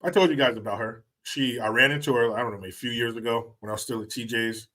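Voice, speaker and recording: A man's voice: mid-range voice, steady tone, fast talker, bright, forceful tone. A middle-aged man hosting a live stream, chatting casually with viewers, often laughing, joking and swearing. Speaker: livestream host.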